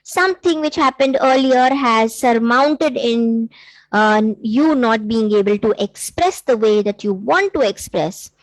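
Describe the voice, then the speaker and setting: Woman coach on a live stream, earnest, lots of um and you know, fairly high voice, dry close sound. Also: measured pace, no echo, poor audio. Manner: earnest, coaching, with many fillers. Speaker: intuitive coach and workshop host. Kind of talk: live-streamed workshop talk.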